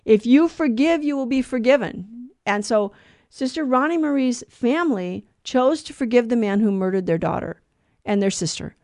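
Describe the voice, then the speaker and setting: A woman telling a story on a radio show, her voice sitting a little high. She speaks earnestly and with animation, stumbling and restarting as she goes. The sound is dry and close to the mic. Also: a little mellow, no echo.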